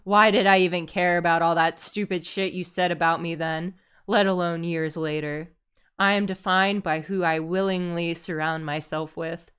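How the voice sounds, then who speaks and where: A woman voicing a young game protagonist, reading firmly and in a measured way. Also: on the low side, fairly even intonation, a bit bright, clear, resonant tone, natural voice. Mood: resolute.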